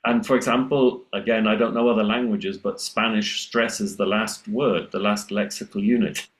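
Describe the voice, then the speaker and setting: Low-voiced man explaining on a video call. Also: normal speed. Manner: lively, acts out students' voices in a higher pitch. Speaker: pronunciation teacher on a panel. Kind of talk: explanatory webinar discussion.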